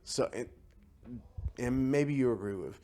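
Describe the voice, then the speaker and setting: A man's voice: mid-range voice, measured pace, mellow. A man hosting a casual podcast interview, affirming his guest and reflecting on his own upbringing. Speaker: podcast host.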